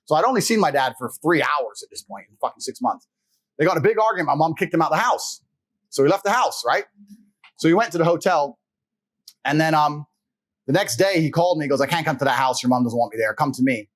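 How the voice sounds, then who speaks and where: A man raised in England talks at a rapid clip as a guest on an interview set. His voice sits a little high for a man. He tells personal stories bluntly and with plenty of swearing. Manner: animated, blunt and profane, acts out quoted voices. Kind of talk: fast personal storytelling in conversation.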